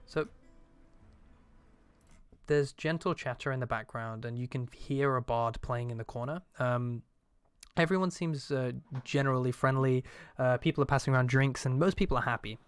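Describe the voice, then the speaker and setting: A man narrating a tabletop game as game master in a relaxed way, with many fillers and restarts. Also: medium pitch, normal speed, clean tone, no room sound.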